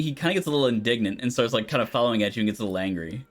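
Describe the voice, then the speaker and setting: A man narrating as game master of a tabletop game, loose and relaxed with frequent ums. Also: mid-range voice, very fast, few pauses, soft background music.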